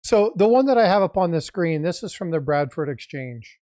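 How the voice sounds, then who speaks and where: A woman's voice: fairly low pitch, expressive, normal speed, warm tone, dry recording. A woman hosting a casual livestream over a video call, explaining what is on her screen. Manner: explanatory, talks through screen sharing. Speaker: livestream host.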